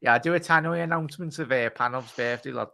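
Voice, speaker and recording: A man's voice: medium pitch, fast talker, vocal fry, pushed and bright, no echo. A man hosting a casual live stream, chatty and teasing as he reads out chat messages. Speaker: host.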